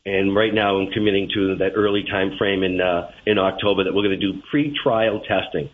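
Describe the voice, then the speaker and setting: A man working as a transit general manager, answering interview questions in a measured way with fillers. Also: low-pitched, fairly even intonation. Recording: tinny phone line with faint hiss.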